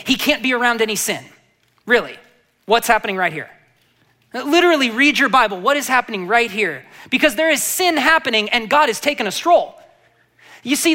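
A male pastor delivering a sermon, moving from quiet reflective passages to animated emphasis and asking the congregation rhetorical questions. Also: very high voice.

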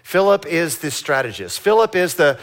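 A man preaching a sermon, reading scripture slowly and acting out the disciples' voices in lively asides, having the congregation repeat lines. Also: fairly high pitch. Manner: animated, acts out voices in Bible stories. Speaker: pastor.

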